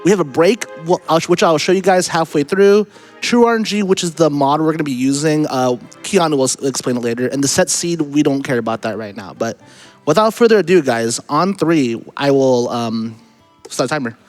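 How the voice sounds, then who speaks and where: Man, speedrunner, higher voice, upbeat, talks to viewers, faint music behind. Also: expressive, brisk. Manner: upbeat, addresses viewers directly. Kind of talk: live speedrun commentary. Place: charity marathon event stage.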